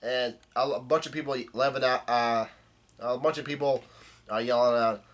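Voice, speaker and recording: A man giving a casual, halting recap of a comic chapter, with salty language. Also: medium pitch, steady tone. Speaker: manga chapter reader.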